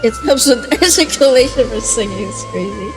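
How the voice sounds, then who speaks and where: A woman's voice: on the high side, lively intonation, normal speed, over music. A woman streamer chatting casually with her viewers on a live stream, swearing freely as she talks.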